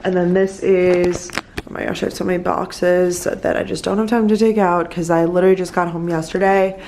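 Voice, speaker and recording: A woman's voice: on the low side, brisk, low-quality recording. Chatty young woman vlogging to camera. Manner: chatty, lots of likes, easily excited. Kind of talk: casual chat to camera. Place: apartment and hotel room, indoors.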